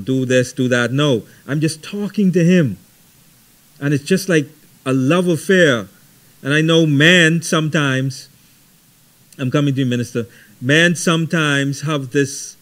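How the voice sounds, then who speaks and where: A middle-aged man leading a Bible study, teaching conversationally with lively stories and frequent "right?". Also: on the high side, unhurried, long pauses. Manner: animated storytelling, frequent ums and repeated "right?".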